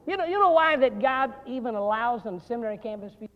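A man with a high, light voice preaches a guest sermon in a seminary chapel. He is a folksy storyteller who mixes jokes into the message, and his words ring out with a long hall reverb. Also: expressive, fast talker, highs cut off.

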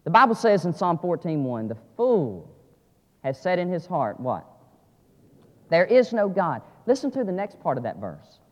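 A man preaching a sermon, dropping to quiet asides and rising to loud, emphatic climaxes. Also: sing-song, normal speed. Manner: swings from low asides to shouted climaxes. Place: church sanctuary. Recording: lo-fi audio with long church reverb.

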